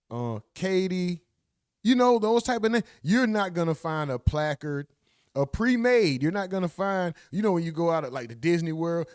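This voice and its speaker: A man giving casual live commentary on a court case, ranting in a profane, slangy, animated way. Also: on the high side, clean tone, no room sound, clean studio sound. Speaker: livestream commentator.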